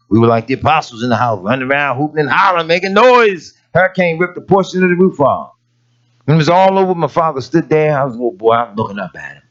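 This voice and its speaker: A man delivers a sermon in a folksy, animated style, his pitch swinging widely between hushed asides and sudden shouts. The recording is dull and lo-fi. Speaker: preacher.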